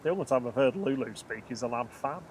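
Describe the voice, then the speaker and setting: A man's voice: mid-range voice, animated, quick pace, slight background noise. A man co-hosting a live plane spotting stream, calling out arriving aircraft, reading viewer messages and joking with his partner. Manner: jokey, calls aircraft and reads chat. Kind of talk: casual commentary.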